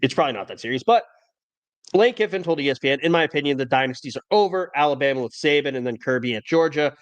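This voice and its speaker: A man's voice: fairly high pitch, expressive, fast talker. A man hosting a casual college football podcast, talking in a wry, opinionated way. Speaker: podcast host. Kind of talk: casual sports talk.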